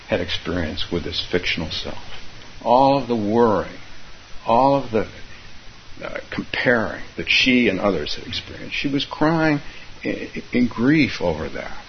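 Halting low-voiced male meditation teacher. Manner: halting, repeats himself, chuckles often. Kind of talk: dharma talk. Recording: dull lo-fi recording, faint hiss.

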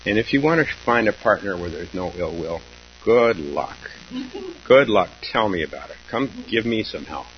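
Man, Zen teacher, very deep voice, halting reflective dharma talk, muffled lo-fi sound, faint hum. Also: expressive. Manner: slow, halting, reflective with pauses and soft laughs. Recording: dull lo-fi recording with faint hum.

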